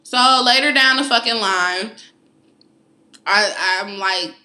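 A woman telling a personal story in casual, candid chat, animated and profane, laughing often. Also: a little high, takes it slowly, reverberant.

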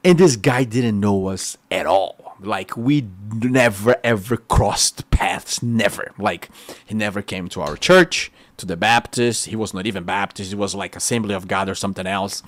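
A man with a Brazilian Portuguese accent, a native Portuguese speaker, giving a testimony sermon in an excitable, animated storytelling way. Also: on the low side, moderate pace, no echo. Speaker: preacher.

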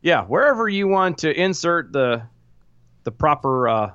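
A man's voice: on the high side, sing-song, unhurried, a bit bright, clean tone, dry recording, lo-fi sound. A man co-hosting a casual podcast, laughing often and groping for words. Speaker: podcast co-host. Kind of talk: casual chat.

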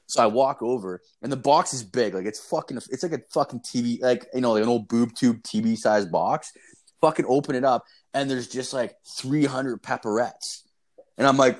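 A man's voice: medium pitch, a little fast. A man telling rambling, profane stories in a casual online voice call. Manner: profane, rambling, animated storytelling. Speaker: storyteller in casual chat. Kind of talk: casual chat.

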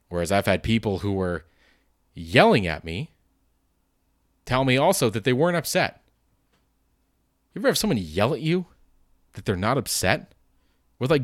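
A man's voice: fairly low pitch, no room sound, clean studio sound. Rambling, profane man in his late 20s. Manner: rambling, profane, self-deprecating. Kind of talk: casual solo monologue.

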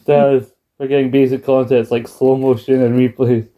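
A man's voice: medium pitch, level tone, moderate pace, dark tone. A man co-hosting a casual review chat, joking and acting out quoted lines in silly voices. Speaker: podcast co-host.

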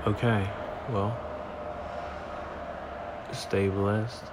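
A man's voice: on the low side, little pitch movement, very slow, very noisy. A man hosting a casual solo podcast at night, rambling in a laid-back way with fillers and frequent laughs, sleepy and yawning. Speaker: podcast host. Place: at home at night.

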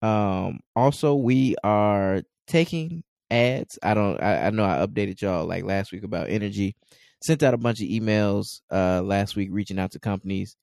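Low-voiced man podcast co-host. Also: moderate pace, gravelly, a little mellow, dry recording, studio quality. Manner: easygoing, handles show announcements. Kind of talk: casual podcast chat.

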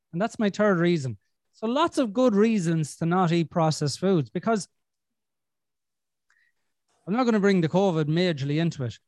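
High-voiced man, sweary and blunt. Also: a little mellow, no echo, studio quality. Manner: blunt and sweary, self-deprecating. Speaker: podcast host. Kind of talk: casual chat.

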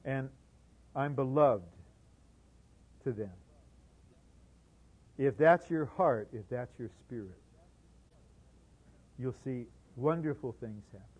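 Slow, emphatic male preacher. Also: mid-range voice, husky, poor audio. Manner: dramatic swings between soft asides and loud emphatic bursts. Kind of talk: sermon.

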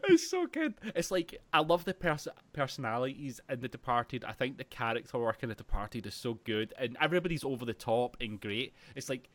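A man chatting about films on a podcast, animated and laughing a lot. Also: medium pitch, brisk, few pauses, no room sound. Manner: animated, laughs often, acts out scenes loudly. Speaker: podcast co-host. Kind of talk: casual film chat.

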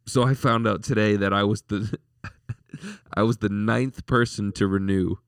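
Guy around 40 rambling about hockey on a podcast, lowish voice, dry close mic. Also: fairly even intonation, measured pace, smooth, dry recording. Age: 40s. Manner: rambling, repeats words, laughs often. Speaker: podcast co-host. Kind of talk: casual sports chat.

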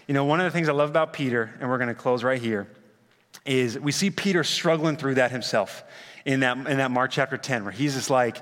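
Bright-voiced pastor preaching in a hall. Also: male voice, medium pitch, brisk. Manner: earnest and casual, with frequent fillers and slang. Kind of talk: sermon. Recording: reverberant hall.

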